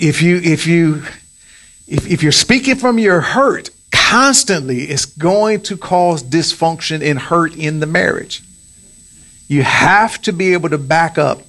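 Emphatic man preaching on marriage. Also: a bit bright. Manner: emphatic preaching, rising pitch on key points. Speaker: pastor. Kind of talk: sermon on marriage.

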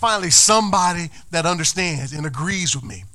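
A man voicing an eager, excitable male farm chicken in a sermon story, talking high and quick.

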